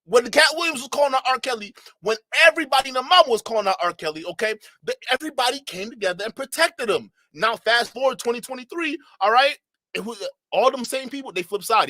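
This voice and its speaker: A man hosting a reaction commentary channel, animated and mocking as he talks to his chat, laughing often. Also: very high-pitched, fast talker, no echo.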